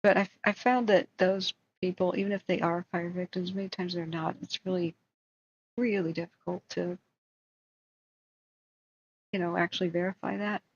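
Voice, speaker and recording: A woman's voice: fairly low pitch, flat delivery, normal speed, long pauses, highs cut off, a little hiss or hum. A woman hosting a livestream in casual chat, rambling and talking to her viewers. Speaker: livestream host.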